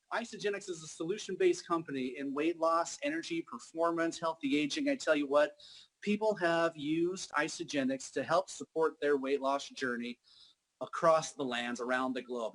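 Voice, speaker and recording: Energetic man guiding a tour, high voice, cheerful hype. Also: rough recording. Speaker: presenter giving an office tour. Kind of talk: enthusiastic tour presenting.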